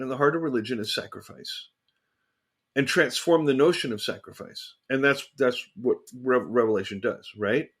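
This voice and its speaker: Animated man in a theology talk. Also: fairly high pitch. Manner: animated, emphatic, repeats phrases for emphasis. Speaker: podcast co-host. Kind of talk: casual theological discussion.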